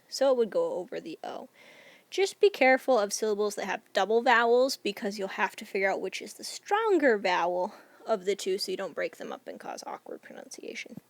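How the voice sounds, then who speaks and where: Patient woman teaching grammar, slightly gravelly. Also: medium pitch, dry recording. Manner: patient, explains step by step with examples. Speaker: Spanish teacher. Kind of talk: recorded grammar lesson.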